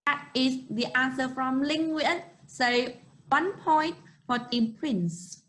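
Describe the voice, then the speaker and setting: A young woman with a Vietnamese accent teaching an English class online, encouraging and slowly modeling words for students to repeat. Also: high voice, a bit bright, poor audio.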